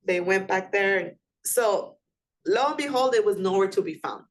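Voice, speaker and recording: A woman's voice: medium pitch, animated, moderate pace, a little hiss or hum. A woman instructor giving a classroom lecture in a conversational way, often putting questions to her students.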